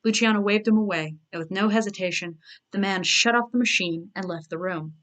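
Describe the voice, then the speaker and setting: A woman's voice: mid-range voice, a little fast, a bit bright. Woman reading her own novel live. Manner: self-mocking asides between narration. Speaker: author.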